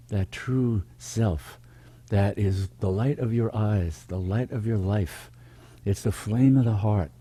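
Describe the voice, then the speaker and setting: A man leading a meditation program over a video call, speaking slowly and contemplatively in repeated rhythmic phrases. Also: lowish voice, warm tone, breathy edge. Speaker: meditation teacher. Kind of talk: spiritual teaching talk.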